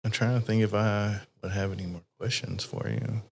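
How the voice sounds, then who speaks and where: Low, flat-voiced man chatting casually. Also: normal speed, gravelly, breathy edge. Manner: rambling, frequently swearing, many fillers. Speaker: podcast host. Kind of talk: casual conversational chat.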